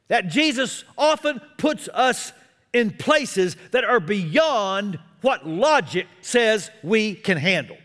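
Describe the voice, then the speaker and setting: Man, pastor, expressive sermon, self-deprecating humor, long reverb from a church hall. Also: high voice.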